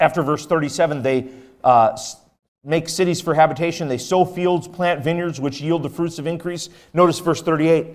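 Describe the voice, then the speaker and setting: A man preaching a conversational sermon in a church auditorium, often putting questions to the congregation. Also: on the high side. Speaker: pastor.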